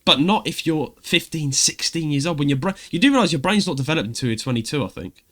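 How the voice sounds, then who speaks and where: A man's voice: on the high side, fast talker. A man with a Cockney accent co-hosting a podcast, chatting casually, ranting and reading gaming news with frequent laughs. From United Kingdom. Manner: lively, ranting, laughs often. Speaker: podcast co-host.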